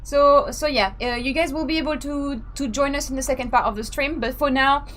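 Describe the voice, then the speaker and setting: A woman's voice: sits high, a little fast, noisy background. A woman hosting a casual live stream, chatting freely, laughing and reading out the chat. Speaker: streamer and sim racing host.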